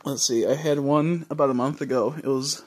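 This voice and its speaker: A man's voice: medium pitch, steady tone, a little fast, faint music behind. A man livestreaming, chatting casually and rambling with many fillers and casual swearing.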